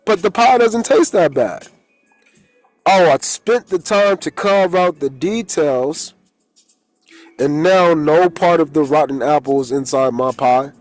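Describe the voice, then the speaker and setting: A man, a holistic coach, giving a loose, rambling motivational spiritual talk full of homespun stories and blunt everyday slang. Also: a little high. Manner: loose, rambling, streetwise preaching with folksy stories.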